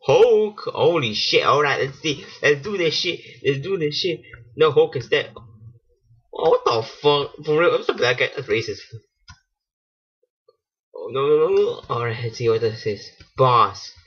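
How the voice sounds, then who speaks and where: A man giving casual let's-play commentary, excitable and swearing, laughing at himself. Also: mid-range voice, unhurried, breathy edge. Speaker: gaming channel host. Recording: dull lo-fi home mic.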